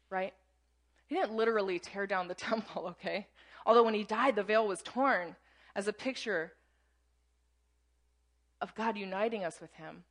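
A woman's voice: medium pitch, moderate pace, long pauses. Woman preaching in a chatty way. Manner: conversational teaching with frequent "right?" and "um". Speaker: pastor. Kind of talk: sermon.

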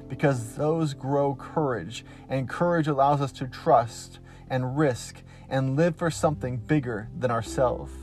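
A man preaches a devotional podcast sermon in an earnest, emphatic way, pausing to let lines land. His voice sits at an ordinary middle pitch. Soft guitar plays faintly beneath him. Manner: slow, earnest, emphatic with pauses.

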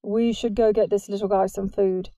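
A soft-spoken, earnest teenage boy with a kind heart for hurt animals, as a woman reads him in a storybook. His voice is mellow and close, in a dry, quiet space. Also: mid-range voice, steady tone, normal speed, dry recording, lightly acted.

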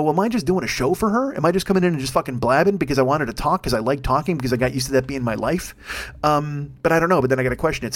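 Male podcast host, solo, quick and profane, self-mocking, stumbles and restarts a lot. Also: medium pitch. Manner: profane, rambling, self-deprecating; frequent restarts and stammers. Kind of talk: casual solo monologue.

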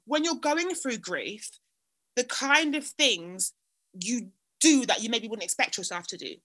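A woman co-hosting a podcast, chatty and animated, jumping up in pitch when she stresses a point. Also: a little slow. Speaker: podcast co-host. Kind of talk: casual chat.

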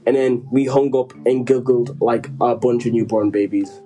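A man's voice: mid-range voice, fairly even intonation, measured pace, mellow, faint music behind, poor audio. Rambling joking man telling a story. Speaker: podcast co-host telling a story. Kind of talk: casual chat.

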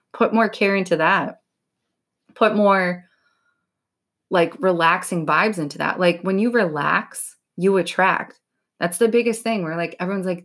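A woman's voice: lowish voice, a bit bright. A young woman hosting a podcast, giving casual motivational talk in a blunt way, swearing freely and saying "like" a lot. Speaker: podcast host.

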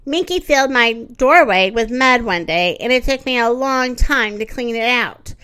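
In this storybook reading, a smug little crawdad brags about pinching the one who muddied his doorway, as a woman puts him on. His voice sits rather high and bounces up and down. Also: lively intonation, moderate pace, pushed and bright, clear, resonant tone. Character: crawdad with big claws, smug about revenge.

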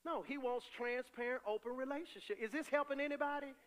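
A man preaching a sermon as pastor, animated and conversational, swinging between loud cries and quiet asides. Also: very high-pitched, fast.

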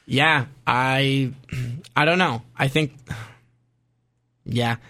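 A man from Canada co-hosting a sports podcast, chatting casually in animated bursts with quick asides. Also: mid-range voice. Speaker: podcast co-host.

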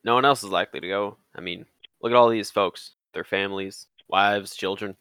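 Guy doing a bright, gravelly old-west ex-lawman in a folksy drawl, dry close sound. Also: lowish voice, fairly quick. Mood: plain. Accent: put-on frontier drawl. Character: drawling male frontier ex-lawman.

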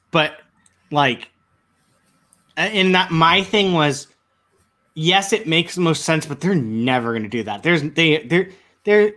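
A man chatting casually as co-host, rambling and animated as he argues a point. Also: fairly high pitch. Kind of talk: casual chat.

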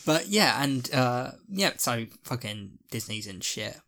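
This podcast co-host is a man with a mid-range, bright voice that sounds animated and forceful but never rushed. He chats casually, swears freely, and acts out quotes from characters.

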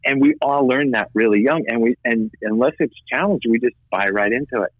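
A man, guest in an interview, telling his own story earnestly with halting restarts and repeated words. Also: mid-range voice, dry recording. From United States. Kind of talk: personal testimony in conversation. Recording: slightly dull, dry audio.

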